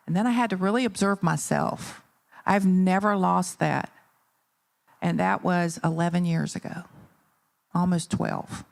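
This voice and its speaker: Animated middle-aged woman giving a motivational talk. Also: fairly low pitch, unhurried, vocal fry, pauses often. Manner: animated storytelling with rhetorical questions. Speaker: keynote speaker. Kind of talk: motivational talk to a live audience. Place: conference venue.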